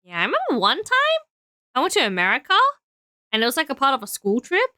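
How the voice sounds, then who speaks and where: A tired young Australian woman chats on a live stream, thinking out loud with lots of fillers. Her voice is bright, crisp and lively in pitch, recorded close and dry. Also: quick pace, no room sound. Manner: tired, rambling, thinking aloud with frequent fillers. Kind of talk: casual live-stream chat while building.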